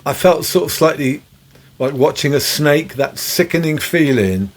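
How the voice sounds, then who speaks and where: A man's voice: fairly high pitch, expressive, unhurried. Man spinning a rambling road story. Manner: rambling, chuckling raconteur. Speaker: guest musician. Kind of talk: anecdotal storytelling.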